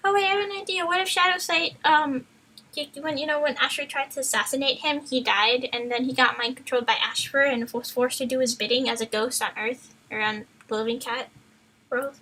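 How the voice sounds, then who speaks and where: A woman streamer reading a book aloud on a live stream, often breaking off to chat and joke. Her voice sits high and sounds bright. She rambles and stumbles over words as she reads. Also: steady tone, brisk, low-quality recording. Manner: playful, chatty, loses her place in the text. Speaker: streamer, reader.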